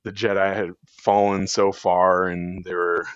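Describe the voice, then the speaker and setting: A man's voice: low voice, little pitch movement, unhurried, clean tone, no echo. A man talking as a podcast guest in a rambling, casual way, full of fillers and restarts. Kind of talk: casual chat. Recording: dull lo-fi sound.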